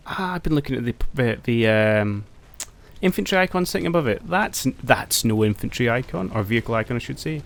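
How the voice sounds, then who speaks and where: A man's voice: medium pitch, expressive, brisk, vocal fry. A man commentating his own strategy game, thinking aloud and talking to his units. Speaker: gameplay commentator. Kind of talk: casual let's-play commentary.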